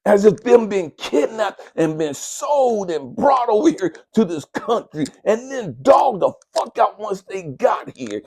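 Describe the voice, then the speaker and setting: Guy ranting like a preacher, gravelly dark voice, swearing and scolding hard. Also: sits high, very animated, a little slow, hardly any pauses. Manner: fierce, profane, preacher-like scolding. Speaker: spiritual coach and mentor. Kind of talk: impassioned motivational monologue.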